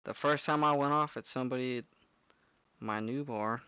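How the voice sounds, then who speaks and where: Young male bartender, foul-mouthed rambling storyteller, bright voice. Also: mid-range voice, normal speed, clean tone, no room sound. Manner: profane, rambling with many "like" fillers. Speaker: podcast co-host, bartender. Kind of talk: casual storytelling chat.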